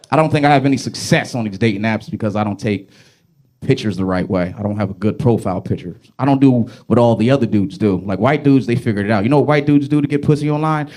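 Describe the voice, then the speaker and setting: A man's voice: medium pitch, a little mellow. A male stand-up comedian telling dating stories and acting out people. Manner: storytelling, acts out people.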